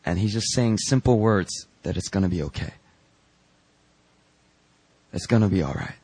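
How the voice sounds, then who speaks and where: A man, a pastor, telling a story in a sermon and acting out its dialogue with lively emphasis. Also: low-pitched, moderate pace, breathy edge. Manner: animated, acts out the dialogue in his story. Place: church sanctuary.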